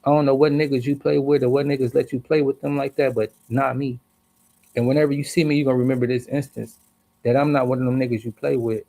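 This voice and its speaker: A man tells a story on a livestream as a heated, profane rant, hitting his words hard. His voice has a rough, gravelly edge and sits at a middle pitch. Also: flat delivery, fast, dark tone. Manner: angry, profane, emphatic.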